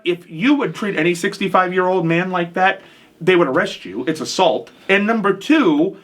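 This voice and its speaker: Man, radio talk host, moderator, insistent, teasing, animated pitch. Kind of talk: casual radio talk show chat.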